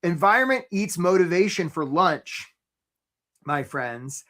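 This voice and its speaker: A man's voice: sits high, sing-song, unhurried, a bit bright. A man hosting a live career webinar, talking energetically and conversationally, often checking in with "right?" and greeting attendees by name.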